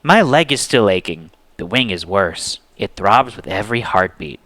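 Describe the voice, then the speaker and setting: A man voicing a drowsy, injured young woman dazed from painkillers, speaking in a croaky, subdued way. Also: fairly low pitch, animated, moderate pace, fairly bright tone, no room sound. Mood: groggy. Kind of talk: dramatic reading with character voices.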